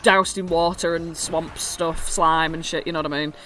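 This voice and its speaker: A woman's voice: on the low side, little pitch movement, moderate pace, fairly bright tone, slight background noise. A woman acting as dungeon master, explaining the scene in a chatty way and correcting herself as she goes. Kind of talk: running a tabletop game.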